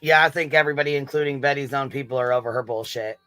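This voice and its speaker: A man's voice: mid-range voice, racing, pushed and bright, no echo, soft background music. A man hosting a casual livestream, swearing freely, giggling and thanking chat members. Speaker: livestream host.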